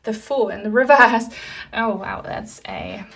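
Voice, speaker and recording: A woman's voice: medium pitch, wildly swooping pitch, a little slow, vocal fry, a bit bright, husky, far from the mic. A woman giving a tarot reading, offering earnest, direct advice with frequent fillers. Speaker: tarot reader.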